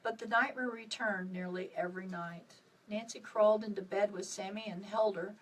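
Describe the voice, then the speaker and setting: A woman author reading her own novel aloud on a live stream, with expressive dips and rises. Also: medium pitch, normal speed, recorded from a distance, poor audio. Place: at home on a live video stream.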